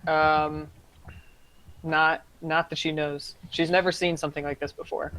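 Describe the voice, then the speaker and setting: A woman's voice: low voice, flat delivery, a little slow, a bit bright, rough recording. A woman running a tabletop game as game master, talking casually and crudely with lots of likes and restarts. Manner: rambling, many likes and restarts.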